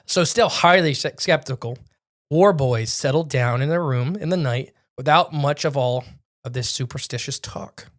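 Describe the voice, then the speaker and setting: A spooky story gets told casually by a young man co-hosting a podcast, his mid-range voice moving at a moderate pace. He's a rambling storyteller who keeps starting over and fixing what he said.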